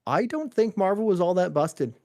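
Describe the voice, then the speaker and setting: A man co-hosting a gaming podcast in casual chat, relaxed and easygoing as he asks questions. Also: sits high, moderate pace.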